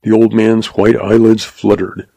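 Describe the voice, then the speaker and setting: A man narrating a western audiobook in a steady storytelling voice. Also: fairly low pitch, measured pace, gravelly, breathy edge, dry recording, poor audio.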